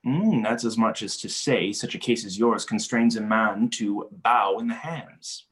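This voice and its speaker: A man reading the part of a witty, mocking young nobleman in a cold read of a stage play over a video call, with playful, animated delivery. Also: lowish voice, measured pace. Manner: playful, teasing, animated wordplay.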